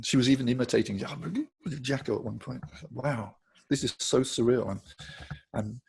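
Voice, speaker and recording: Gravelly older Englishman telling stories. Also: lowish voice, darkish tone. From England. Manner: chatty, laughs often while telling anecdotes. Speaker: guitarist guest. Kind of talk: casual interview storytelling.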